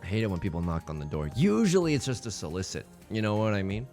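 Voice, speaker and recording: A young man giving casual, playful commentary while he plays an online game, with jokey asides and sudden excited jumps. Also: on the low side, fast talker, soft background music. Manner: drops to a stage whisper at times. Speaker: let's play streamer.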